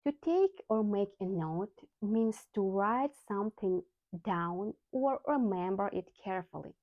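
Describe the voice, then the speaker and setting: A woman who is not a native English speaker, teaching English vocabulary in a scripted lesson with slow, careful enunciation of example sounds. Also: medium pitch, animated, no echo, phone-quality sound.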